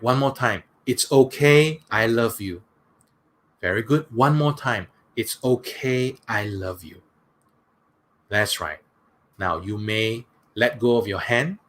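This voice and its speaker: A man, a workshop speaker leading a guided breathing exercise in a slow, soothing way, often saying "that's right". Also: mid-range voice, fairly bright tone.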